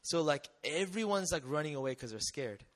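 A young man tells a story from his missionary days in a lively, animated way. He acts out the voices of the people in it and laughs often. His voice sits a bit higher than most men's. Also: fairly quick. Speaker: missionary speaker. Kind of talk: storytelling testimony talk.

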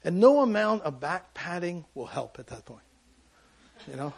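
A man preaching a sermon as pastor, telling a personal story with sudden loud bursts and quiet asides. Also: high voice, very animated, moderate pace, vocal fry, slightly rough.

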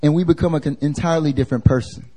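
Brief: male preacher, somewhat high voice with a mellow tone, conversational sermon, quizzes the listeners. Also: fairly even intonation, fast. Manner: casual and slangy, asks the congregation questions. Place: church service.

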